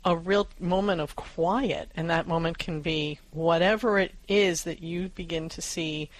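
A woman co-hosting a parenting advice show, speaking calmly and reassuringly to a parent. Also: lowish voice, measured pace, no room sound, low-quality recording.

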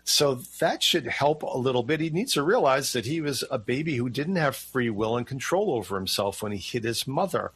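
A man hosting a call-in radio show, with a husky, slightly rough voice at a middle pitch. He explains things calmly and reassuringly, in plain conversational speech. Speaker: radio host.

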